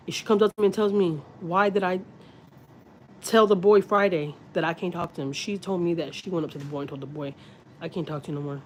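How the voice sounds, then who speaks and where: A woman's voice: lowish voice, steady tone, fast talker, darkish tone, slight background noise. A woman from Texas, a mother, talking candidly on a livestream in a rambling, profane way with many restarts. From Houston, Texas. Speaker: mother livestreaming to her channel.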